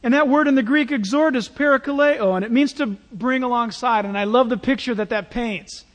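A male pastor preaching a sermon in a church, in a conversational, animated way with playful asides. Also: very high-pitched, a little fast, in a large hall.

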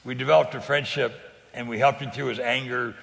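An older man from California speaks in a gravelly, middle-pitched voice. He tells stories earnestly and conversationally, stumbling over repeated words and laughing easily. A long reverb trails behind his voice. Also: fairly even intonation, fairly quick, a bit bright. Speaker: guest speaker on faith sharing. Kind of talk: conversational testimony.

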